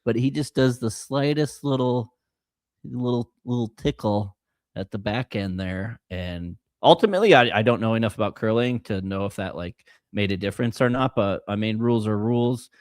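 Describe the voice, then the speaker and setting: A man's voice: lowish voice, normal speed, no room sound, studio quality. A man co-hosting a podcast, chatting casually with a joking, playful manner. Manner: joking, playful announcer asides. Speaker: podcast co-host. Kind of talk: casual chat.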